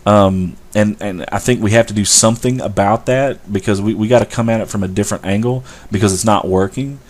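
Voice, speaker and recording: A man's voice: lowish voice, fairly quick, darkish tone. Sarcastic ranting male talk host. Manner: ranting, sarcastic, mocks stoners in a drawl. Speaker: show host. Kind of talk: opinionated talk show monologue.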